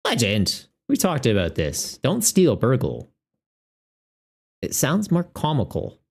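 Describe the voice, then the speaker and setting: Chatty man streaming, lively pitch. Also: takes it slowly, creaky, breathy edge. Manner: chatty, laughs often, jumps into high joking voices. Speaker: streamer and tournament organizer. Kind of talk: casual live-stream chat.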